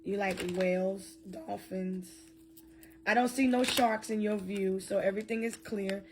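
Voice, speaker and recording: A woman's voice: mid-range voice, steady tone, measured pace, noisy background. A woman giving a loose, joking tarot reading, freestyling and cursing as she goes. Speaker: tarot reader.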